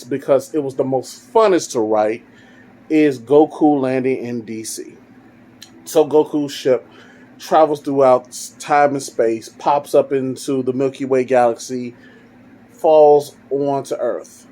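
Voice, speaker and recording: A man casually narrating a story he wrote, wandering through it with fillers and restarts. His voice is dark and mellow, with an ordinary middle pitch. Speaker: fan fiction storyteller.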